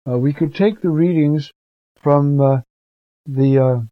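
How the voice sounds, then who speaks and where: An older priest speaks slowly in a fairly high voice, offering preachers an earnest, conversational commentary on the scripture readings. The recording is dull and dry, with no echo.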